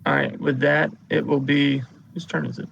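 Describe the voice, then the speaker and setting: Gravelly game master narrating combat. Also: male voice, fairly high pitch, flat delivery, a bit bright, dull audio, a little hiss or hum. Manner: unhurried narration of combat turns.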